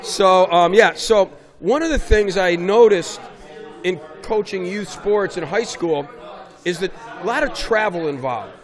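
A middle-aged man tells stories in a relaxed interview, his voice sitting high. He gets animated and pushes his voice up to stress the points he cares about. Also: unhurried. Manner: animated storyteller, raises voice for emphasis. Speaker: basketball coach, guest. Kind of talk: casual interview conversation.

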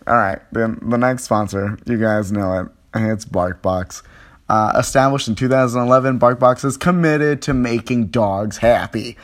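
A man hosting a podcast, rambling casually and joking at himself through the intro and sponsor reads, recorded on a phone. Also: medium pitch. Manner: rambling, self-mocking, lots of fillers. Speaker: podcast host.

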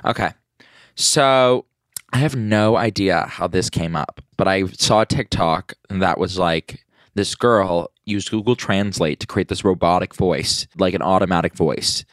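A man's voice: deep voice, unhurried, fairly bright tone, dry recording, studio quality. A young man telling a prank story in a rambling, casual way, laughing as he goes. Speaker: guest grandson. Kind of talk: casual anecdote.

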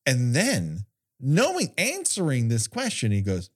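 A man's voice: mid-range voice, huge pitch swings, measured pace, husky. A man hosting a podcast, sarcastically retelling an episode with profane asides. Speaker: podcast host. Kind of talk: casual podcast recap chat.

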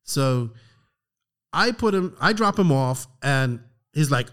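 A middle-aged man telling a story on a podcast, animated and profane, acting out the lines of the people in it. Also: mid-range voice, moderate pace. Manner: animated, profane, acts out quotes. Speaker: podcast co-host. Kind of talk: casual storytelling chat.

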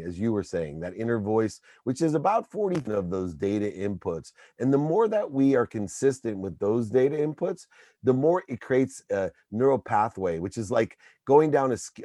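A man's voice: medium pitch, mellow, no room sound. A man in his forties, a guest, giving emphatic motivational talk in punchy lists.

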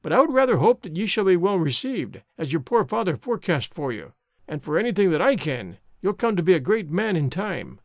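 A man's voice: high-pitched, very animated, fairly quick, creaky, no echo, studio quality, heavily acted. A man voicing a kindly, earnest old country minister in an audiobook, giving solemn, old-fashioned counsel. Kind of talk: audiobook reading.

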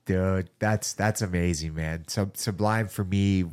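A man hosting a casual chat who tells a story in an excitable way, full of swearing. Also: low-pitched, measured pace, smooth.

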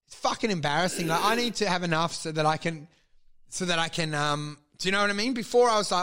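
A man co-hosting a podcast, telling animated stories with lots of laughter, swearing and mimicry. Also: high voice, fast talker, clean tone. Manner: animated storyteller, laughs often, mimics his old boss; swears freely, casual slang. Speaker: podcast co-host. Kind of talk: casual chat.

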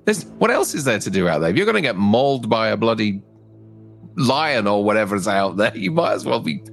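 Male co-host, animated movie chat, lots of laughs. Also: fairly low pitch, fairly quick, creaky, faint music behind. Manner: animated, laughs often, mimics lines. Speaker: podcast co-host. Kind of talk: casual movie review chat.

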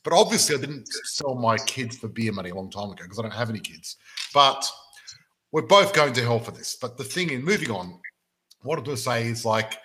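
A man hosting a casual podcast, telling jokey stories in an animated way. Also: medium pitch, slight background noise, low-quality recording. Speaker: podcast host.

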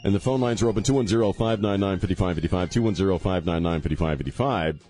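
A man's voice: deep voice, quick pace, warm tone, faint music behind. A man hosting a talk radio show in a studio, rambling and sarcastic, mocking the people he talks about. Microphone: studio microphone.

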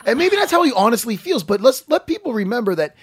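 A man co-hosting a casual podcast, playful and excitable, breaking down fight technique. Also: extremely high pitch, fast, slightly rough. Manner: playful, excitable, talks through martial arts technique. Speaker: podcast co-host.

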